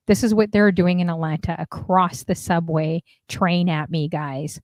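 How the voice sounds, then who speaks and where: A woman co-hosting a casual dating talk stream, chatting and telling stories in an animated way. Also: on the low side, moderate pace, hardly any pauses, no echo, clean studio sound. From half Indian. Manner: chatty, animated storytelling with laughs. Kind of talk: casual chat.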